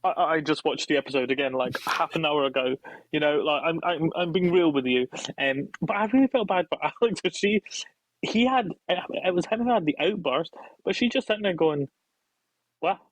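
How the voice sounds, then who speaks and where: A man's voice: fairly high pitch, brisk, dry recording, poor audio. A British man as podcast guest co-host, chatting playfully, giggling and acting out what people on a show said. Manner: giggly, playful, acts out quotes. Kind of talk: casual podcast chat.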